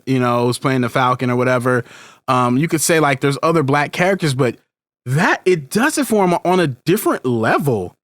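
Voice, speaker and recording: A man with a slightly high, fairly bright voice, recorded with no echo. He co-hosts a casual conversational podcast, rambling as a parent who keeps restarting and drifting onto tangents.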